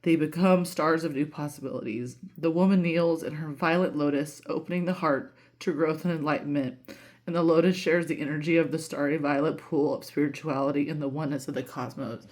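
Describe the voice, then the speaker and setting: A woman's voice: low-pitched, fairly even intonation, a little fast, a little mellow. A woman giving a casual tarot reading, emotional and candid, swearing freely and talking with lots of fillers. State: voice breaking with emotion. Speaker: tarot reader.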